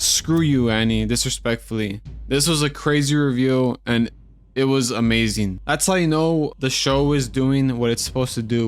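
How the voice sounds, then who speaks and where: Excitable man swearing freely. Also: medium pitch. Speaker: YouTube anime reaction host. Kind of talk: casual commentary.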